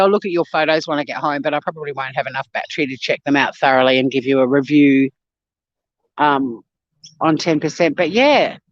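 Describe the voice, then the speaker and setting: A woman's voice: deep voice, no echo, highs cut off. An Australian woman hosting a casual phone livestream, chatting with viewers, swearing freely and laughing often. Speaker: livestream host. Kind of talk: casual live chat reading viewer comments.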